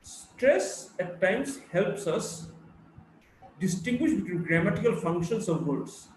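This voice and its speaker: A man with an Indian English accent giving a college phonetics lecture, slowly reading out word lists and repeating key points. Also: high-pitched, animated. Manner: slow and deliberate, repeating words for drill. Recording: echoey room, mic far off, faint hiss.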